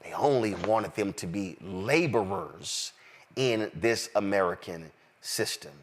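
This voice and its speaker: A man hosting a panel discussion, his voice rising and falling with a lively, sermon-like cadence. He speaks emphatically, hammering home each point before handing off to his guests. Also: lowish voice, slow, a little hiss or hum. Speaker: host. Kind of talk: impassioned panel talk show commentary.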